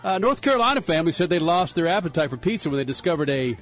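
High-voiced playful man radio host. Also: very animated, very fast, faint music behind. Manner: playful, reads news items with laughter. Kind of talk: casual radio banter.

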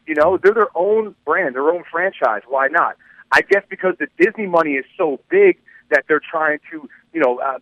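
A man's voice: on the high side, dry recording, muffled recording. A man co-hosting a sports talk radio show, speaking in an easygoing, conversational way as he weighs things out. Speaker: radio co-host.

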